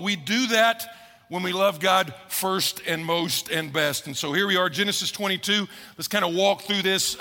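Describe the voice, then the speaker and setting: Gravelly man preaching in a hall. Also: sits high, sharp tone. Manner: conversational preaching with emphatic slowdowns. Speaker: pastor. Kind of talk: sermon. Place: church sanctuary. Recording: echoey hall reverb.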